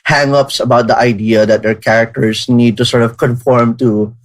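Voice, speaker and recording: A man co-hosting a podcast, talking at length in a casual way, with many restarts as he thinks out loud. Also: medium pitch, fairly even intonation, moderate pace, rough recording. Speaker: podcast co-host.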